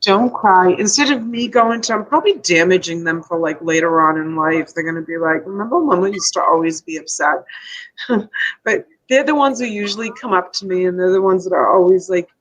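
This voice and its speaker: A woman's voice: lowish voice, fairly quick, fairly bright tone, muffled recording. A woman hosting a casual live stream, emotional and tearful, rambling and reading out viewer comments.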